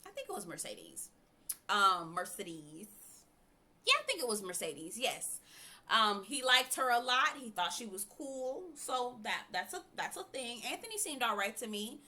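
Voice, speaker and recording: A woman's voice: a little high, very animated, measured pace, sharp tone. A woman who talks bluntly and frankly as she reviews a reality show in a casual, chatty way. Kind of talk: casual opinionated commentary.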